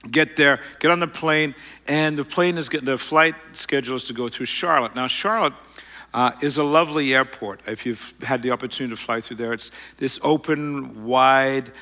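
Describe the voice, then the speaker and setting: A middle-aged man telling a self-mocking personal story to an audience, rambling and animated. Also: mid-range voice, normal speed, big-room sound.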